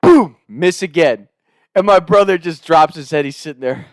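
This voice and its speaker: A man's voice: on the high side, moderate pace, dry recording, clean studio sound. A man casually telling a comic story, rambling and profane, laughing between his lines.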